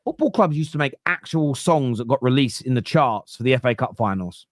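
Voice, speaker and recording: A man's voice: mid-range voice, expressive, fairly quick, no echo, clean studio sound. A man hosting a casual football podcast, talking bluntly and opinionatedly and swearing freely. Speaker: podcast host.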